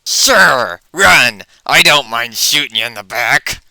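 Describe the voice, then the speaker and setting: A man's voice: mid-range voice, expressive, slow, creaky, bright, forceful tone, no room sound, exaggerated voice. A man reading the lines of a menacing male cyborg rabbit gunman, cold and threatening.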